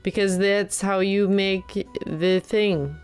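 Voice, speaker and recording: A woman's voice: medium pitch, steady tone, slow, a little mellow, soft background music. A young woman streaming a game, chatting casually, exclaiming and thanking viewers as she plays. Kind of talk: casual live-stream chat while playing.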